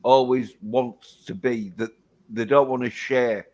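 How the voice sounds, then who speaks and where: A man's voice: medium pitch, steady tone, takes it slowly, darkish tone. Rambling British man swearing casually. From Britain. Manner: rambling, heavy swearing, loose. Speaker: livestream host. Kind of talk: casual chat.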